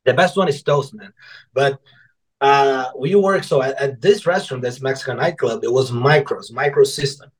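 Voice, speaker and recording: A man's voice: mid-range voice, normal speed, low-quality recording. A man being interviewed on a podcast about his life as an author, telling stories casually in loose, rambling sentences, swearing freely and acting out what other people said. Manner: animated, swears freely, acts out quotes of coworkers and customers; loose, rambling phrasing with restarts.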